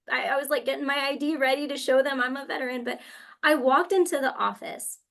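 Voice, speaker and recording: A woman's voice: high-pitched, fairly quick, vocal fry. Young woman telling a heartfelt personal story. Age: young adult. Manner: heartfelt and animated, with many fillers. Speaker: webinar panelist from a university career center. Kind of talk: personal story in a webinar panel.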